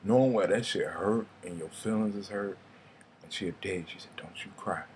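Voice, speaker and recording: A man's voice: on the low side, normal speed, darkish tone, a little hiss or hum. A young man, telling rambling, casual stories and swearing freely in a vlog. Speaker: vlogger. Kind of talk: casual storytelling monologue.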